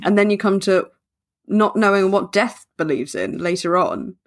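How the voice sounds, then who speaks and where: A woman's voice: medium pitch, animated. A woman co-hosting a podcast, chatting casually, reading passages aloud and adding dry wordplay. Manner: dry wordplay, slows down for emphasis. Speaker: podcast co-host.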